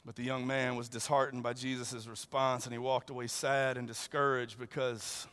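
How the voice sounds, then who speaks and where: A male preacher giving an animated, conversational sermon and acting out the dialogue as he goes. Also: medium pitch, moderate pace, clean tone. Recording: long reverb in a large hall.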